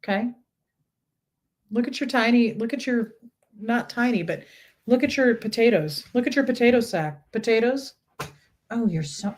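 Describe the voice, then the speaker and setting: A woman with a fairly high, slightly mellow voice and lively intonation hosts a casual livestream from home. She tells a rambling, chatty story at a moderate pace, pausing often, greeting viewers and tossing asides to them and her pets.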